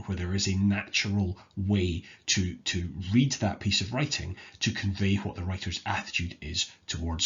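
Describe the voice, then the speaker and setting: A male teacher from Scotland explaining an exam skill in a measured, patient way, with some restarts and fillers. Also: deep voice, a bit bright, highs cut off. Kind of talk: recorded exam lesson.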